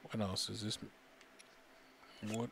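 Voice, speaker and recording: A man plays a video game and talks to himself in a lowish, easygoing voice. He mutters as he works out each puzzle, then jumps up in excitement now and then. A faint hiss sits under his desk-mic recording. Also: takes it slowly, vocal fry. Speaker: gaming streamer. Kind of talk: casual let's-play commentary.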